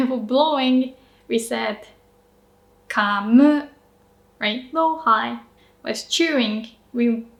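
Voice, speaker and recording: A woman teaching pronunciation in a friendly lesson, drilling words with exaggerated rising and falling pitch and laughing often. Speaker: Japanese language teacher. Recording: roomy echo.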